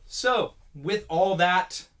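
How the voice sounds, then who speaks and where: A man's voice: high voice, expressive, extremely slow, a bit bright. A young man co-hosting a podcast in casual chat, blunt and jokey in a laid-back way. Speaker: podcast co-host.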